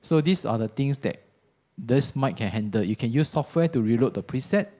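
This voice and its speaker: A man giving a relaxed, chatty product demo in a workshop classroom, often checking in with "okay?". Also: mid-range voice, moderate pace. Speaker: audio product trainer. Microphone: ceiling and handheld microphones in a live demo.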